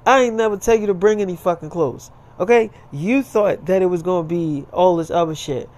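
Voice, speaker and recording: A man's voice: high voice, fairly quick, darkish tone, pitched above the performer's own voice. A man voicing a blunt young woman who curses and speaks curtly, in a casually told story. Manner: curt, cursing, defensive.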